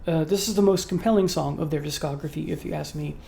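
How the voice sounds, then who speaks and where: This channel host's voice sits in the mid range, mellow and touched with vocal fry, and moves at a quick pace. Ranking songs in an off-the-cuff review to camera, they sound earnest and admiring, grow emotional about the music, and fill gaps with ums and uhs.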